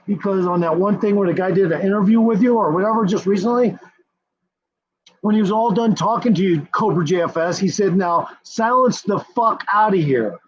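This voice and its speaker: Male streamer, raised pitch, husky tone, profane repetitive rant, lo-fi dull audio. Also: a little mellow. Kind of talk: ranting commentary.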